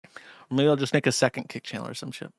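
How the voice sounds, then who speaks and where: A man's voice: medium pitch, flat delivery, fast, vocal fry, no room sound. A man hosting a livestream, rambling through crude, sardonic commentary with lots of fillers, close to a desk mic. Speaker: streamer and host.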